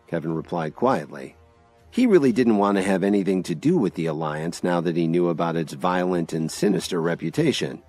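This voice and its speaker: Brief: male audio-drama narrator, low and lively, soft music bed. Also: a little fast. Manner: expressive storytelling.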